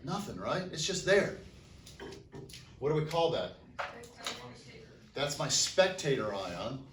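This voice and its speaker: Slow and medium-pitched with big swings in pitch, this male high school chemistry teacher questions his class and answers for them. He is recorded from a distance in an echoing classroom, and the background is noisy.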